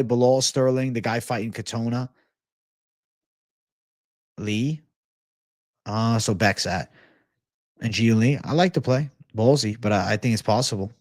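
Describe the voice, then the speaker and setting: A man's voice: medium pitch, dry recording, clean studio sound. A young man in his twenties hosting a casual livestream Q&A, reading chat questions aloud and answering in a laid-back way with frequent swearing. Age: 20s. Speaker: host of a livestream Q&A.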